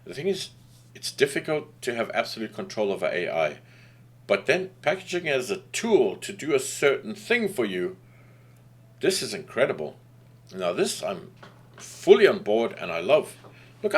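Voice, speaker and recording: A man talking casually about being an artist, frank and rambling, often repeating his phrases. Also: mid-range voice. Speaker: artist and podcast host. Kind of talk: casual monologue.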